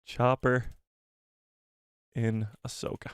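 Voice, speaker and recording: A man hosting a live fan show, chatting casually, reading donation messages and reacting with animated repeats. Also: mid-range voice, takes it slowly, clear, resonant tone, no echo, studio quality. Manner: animated, exclaiming, repeats himself.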